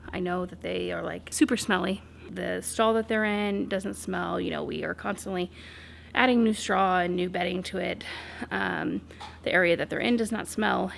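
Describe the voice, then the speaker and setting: A woman's voice: mid-range voice, creaky, slight background noise. A young woman vlogging outdoors on her farm, talking casually with lots of fillers. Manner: chatty, rambling with fillers. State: out of breath. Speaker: homesteader vlogger. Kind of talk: casual outdoor vlog narration.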